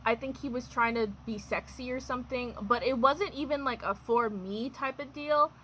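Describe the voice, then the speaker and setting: A woman's voice: on the high side, moderate pace, a bit bright, a little hiss or hum, poor audio. A young adult woman telling a personal storytime in a chatty, wry way, full of fillers and laughs. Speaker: vlogger. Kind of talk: casual storytime.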